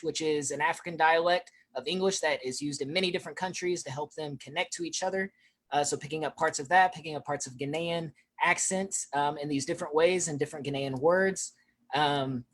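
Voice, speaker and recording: A featured speaker giving a presentation on accents, rushing through and filling pauses with "um". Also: mid-range voice. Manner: rushed, with frequent fillers.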